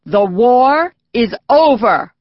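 A woman's voice: a little high, animated, slow pace, no echo, highs cut off, voice pushed up. A woman voicing a formal male radio announcer from the 1940s in an audiobook.

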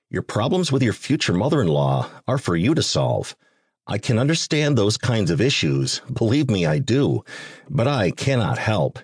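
Male narrator playing a curt vampire king, husky and low, impatient with his duties. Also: no room sound, studio quality. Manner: blunt, curt and exasperated.

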